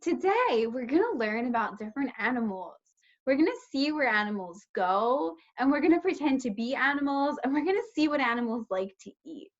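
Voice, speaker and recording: A high-pitched, bright woman's voice swooping up and down as she teaches small children. She talks slowly in an exaggerated, encouraging sing-song and praises often. The recording sounds dull and lo-fi. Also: expressive. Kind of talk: child-directed lesson.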